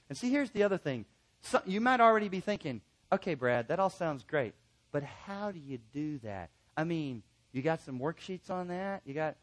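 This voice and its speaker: A man teaching a class of counselors in an animated way, repeating key points for emphasis and acting out quoted remarks. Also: high voice. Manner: emphatic repetition. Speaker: counseling instructor.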